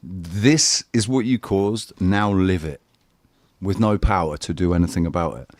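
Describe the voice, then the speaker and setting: Low-voiced, profane man rambling on a panel. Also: unhurried, darkish tone, no echo, studio quality. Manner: profane, rambling, self-questioning. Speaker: livestream panelist. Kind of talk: casual live panel chat.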